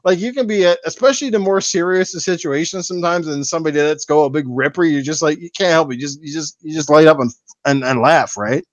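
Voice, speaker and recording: A man's voice: a little high, fast, no room sound. A man hosting a podcast, telling crude stories with lots of swearing and laughter. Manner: profane, laughing, storytelling. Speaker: podcast host. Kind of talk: crude casual podcast chat.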